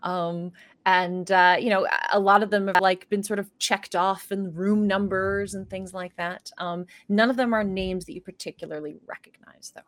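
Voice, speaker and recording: A woman's voice: mid-range voice, fairly even intonation, moderate pace. A woman running a tabletop horror game as game master, describing scenes with plenty of fillers.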